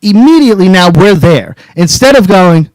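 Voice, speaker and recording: A man's voice: high voice, expressive, normal speed, darkish tone, dry recording, low-quality recording. A man co-hosting a casual advice talk show, brash and boastful, cursing freely as he talks. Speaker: podcast co-host.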